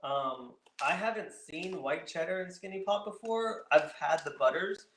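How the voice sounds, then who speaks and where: A man co-hosting a food vlog, talking in a relaxed way with lots of ums and uhs. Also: on the high side, a little slow. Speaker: co-host of keto vlog. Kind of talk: casual chat. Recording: echoey room with faint noise.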